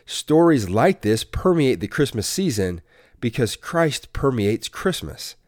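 A man reads a Christian devotional in an earnest, measured way, leaning into key phrases like a preacher. His voice sits fairly low, and the recording is dry and close, with no room sound. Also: darkish tone, no echo. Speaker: podcast host giving a devotional. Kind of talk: scripted devotional narration.

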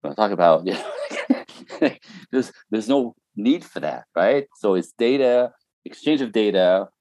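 A middle-aged man chats casually on a podcast, telling stories, laughing often, and imitating other people's voices. His fairly low, slightly mellow voice has lively intonation and a slightly slow pace, recorded without echo.

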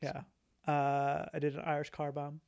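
A young man co-hosting a podcast in casual chat, telling jokes deadpan and laughing at his own bits. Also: a little high, moderate pace, vocal fry, smooth. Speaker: podcast co-host.

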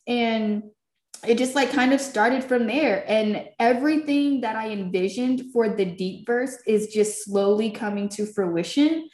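A woman's voice: a little high, measured pace, a little mellow. A woman telling a story in loose, profane casual talk, laughing along the way. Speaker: filmmaker and podcast creator. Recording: roomy echo.

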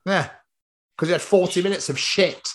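A man's voice: high voice, normal speed. A man hosting a podcast in casual, rambling, sweary comic chat. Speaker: podcast host.

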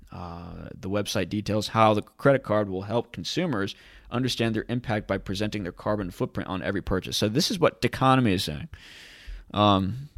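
Sarcastic man with a low voice. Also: gravelly, no echo, clean studio sound. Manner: sarcastic, rambling. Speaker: host. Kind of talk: casual commentary.

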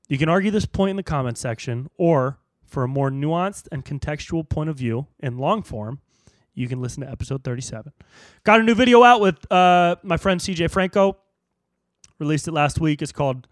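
A young man hosting a solo podcast, ranting in a profane, animated way and jumping into squeaky high voices for jokes. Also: no room sound, studio quality. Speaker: podcast host.

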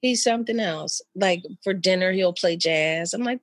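A mother talking with an old friend in loose, rambling chat, with lots of fillers and lively pitch jumps when she quotes people. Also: moderate pace, noisy background. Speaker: mother of an eleven-year-old.

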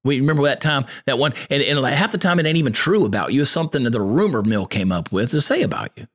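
A man hosts a podcast in a folksy, sermon-like monologue. His pitch swings widely as he drives home his points, rising and falling with earnest conviction. His delivery is plainspoken and preacherly. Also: animated, fast, fairly bright tone. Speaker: podcast host.

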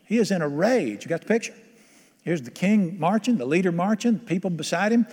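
Male pastor, sermon, higher voice, talks with the congregation and asks them questions, reverb-heavy room. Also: animated, brisk, darkish tone, slightly rough. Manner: conversational, quizzes the congregation.

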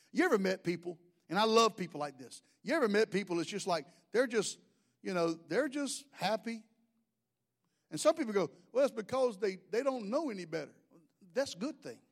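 A middle-aged man, preaching a sermon in a folksy, humorous storytelling way. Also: high voice. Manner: folksy, humorous, animated storytelling with mimicked voices. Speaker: pastor.

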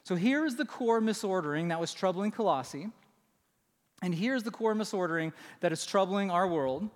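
A man preaching a sermon as pastor, conversational and often checking in with the congregation with quick asides. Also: high-pitched, expressive, in a large hall. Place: church sanctuary.

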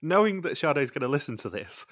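A man's voice: fairly high pitch, sing-song, a little fast, a bit bright, dry recording, studio quality. A man co-hosting a podcast, recapping a TV show in casual chat, blunt and swearing freely. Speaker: podcast co-host.

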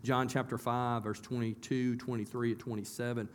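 A man's voice: mid-range voice, little pitch movement, moderate pace. A man preaching a sermon as a pastor in a church, in a conversational way that often asks the congregation questions and repeats words as he restarts.

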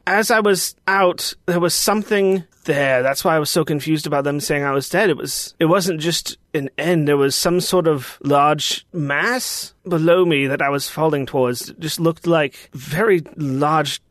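Higher-voiced man playing a tabletop game. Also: measured pace, few pauses, fairly bright tone, dry recording, studio quality. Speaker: player. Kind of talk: tabletop role-play banter.

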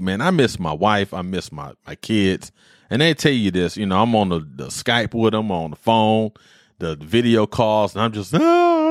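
A man's voice: deep voice, no echo, clean studio sound. A man in his forties, a podcast host, telling personal stories in a rambling, heartfelt way with military slang. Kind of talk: casual monologue.

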